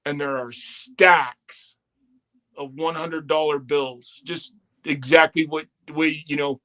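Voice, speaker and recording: A man's voice: fairly high pitch, steady tone, slow pace, fairly bright tone. A man telling a long, profane story in casual podcast chat, quoting people as he goes.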